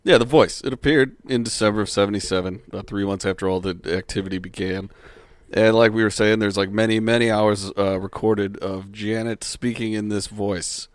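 A laid-back young man co-hosts a podcast, chatting loosely and swearing now and then. His voice sits on the low side and is recorded dry and close, with no room sound at all. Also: fairly even intonation, brisk, dry recording. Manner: laid-back, laughs often, swears casually. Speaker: podcast co-host. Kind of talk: casual podcast chat.

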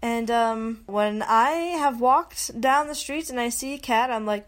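A young woman talks through her solo podcast in a loose, chatty way. She pokes fun at herself, laughs easily and drops into little quoted voices. Her voice sits a touch on the high side. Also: fairly even intonation, unhurried, hardly any pauses. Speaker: podcast host. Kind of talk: casual solo podcast monologue.

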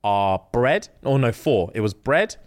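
A man's voice: mid-range voice, big pitch swings, unhurried. A young man, a podcast co-host telling a story in casual chat and acting out the people he quotes.

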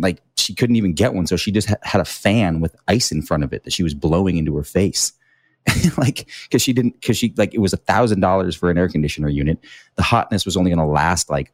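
A young man in casual chat over a video call from his apartment, laid-back and quick to laugh, saying "dude" a lot. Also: sits low, a little mellow, dry recording, clean studio sound. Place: apartment in New York City.

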